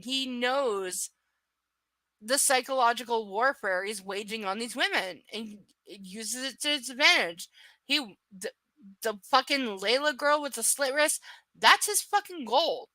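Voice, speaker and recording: A woman hosts a live stream, reading a book and tearing into it with sarcastic, profane commentary. Her voice is bright and sits a bit high. The sound is dry and close, with no room around it. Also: no room sound. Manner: sarcastic, swears freely, rants.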